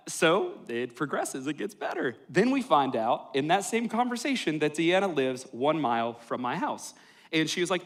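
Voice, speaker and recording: A man's voice: fairly high pitch, very animated, moderate pace. Joking man preaching. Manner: joking, self-deprecating storyteller. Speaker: pastor. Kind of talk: sermon with storytelling. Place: church worship hall.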